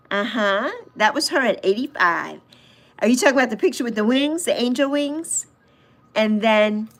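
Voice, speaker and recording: Woman in her sixties, livestream host, relaxed and chatty, a bit higher voice, talks straight to viewers. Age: 60s. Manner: chatty, reads out and answers viewer comments; fond, reminiscing. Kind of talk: casual livestream chat.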